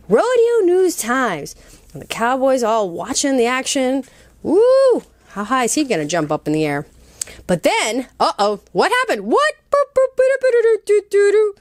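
A woman's voice: high voice, dry recording. Playful woman reading a kids' story. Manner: playful, adds sound effects and asides. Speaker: storyteller for children.

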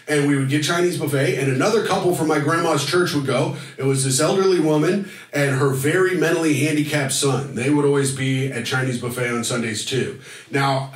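A young man telling a stand-up comedy story on a club stage, animated and bursting into shouted punchlines. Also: a little high. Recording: roomy club sound from a distance. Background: audience laughter.

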